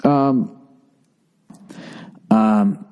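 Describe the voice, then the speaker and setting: A man's voice: fairly low pitch, very slow, mellow, clean tone. A middle-aged man hosting a solo podcast, rambling in a profane, exasperated comic rant, overfull and thirsty. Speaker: podcast host.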